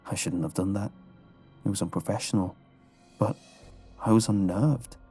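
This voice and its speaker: A man giving scripted horror narration in a low, measured storytelling manner. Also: dark tone, slightly rough. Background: faint background music.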